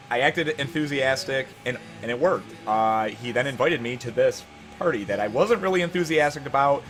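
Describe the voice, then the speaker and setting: A man's voice: medium pitch, fairly bright tone. Rambling man chatting on a live stream. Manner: rambling, self-deprecating storytelling. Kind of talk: casual live-stream chat while gaming. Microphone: desk microphone.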